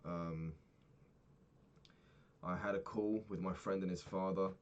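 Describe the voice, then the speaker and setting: A man's voice: low voice, steady tone, slow, clean tone, lo-fi sound. A young man talking through his day in a candid, rambling diary vlog, swearing freely. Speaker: vlogger.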